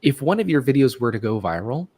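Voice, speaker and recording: A man's voice: medium pitch, sing-song, fast, darkish tone, breathy edge, no echo. A man in a casual livestream chat, explaining things in an earnest, step-by-step way.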